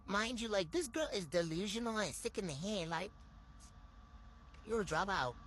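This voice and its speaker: A woman's voice: medium pitch, a bit bright, slight background noise. A young woman from tells a get-ready-with-me storytime into her phone, blunt, slangy and swearing freely. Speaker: storytime vlogger.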